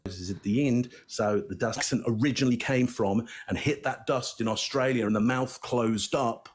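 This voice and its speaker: A man giving casual panel analysis of body language in a deliberate way, often pausing on fillers. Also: mid-range voice.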